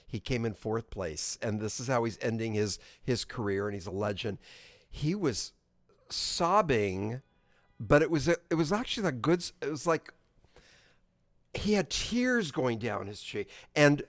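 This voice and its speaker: A man co-hosting a podcast, chatting casually and going off on animated tangents. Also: medium pitch, a little slow, dry recording, studio quality. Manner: animated, tangent-prone storyteller. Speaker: podcast co-host. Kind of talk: casual chat.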